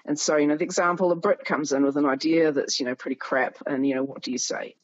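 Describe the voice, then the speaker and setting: Animated New Zealand woman, husky voice. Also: low-pitched, fast, no room sound, lo-fi sound. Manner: animated storyteller, laughs often, acts out quoted voices. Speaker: guest musician and writer. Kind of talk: casual conversation. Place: home in Germany near the Polish border.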